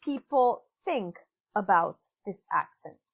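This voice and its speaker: A woman's voice: medium pitch, expressive, takes it slowly, slightly rough. A woman with an Italian accent giving a recorded online English lesson, patient and instructive, with fillers and self-corrections. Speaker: English teacher. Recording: dull lo-fi computer mic.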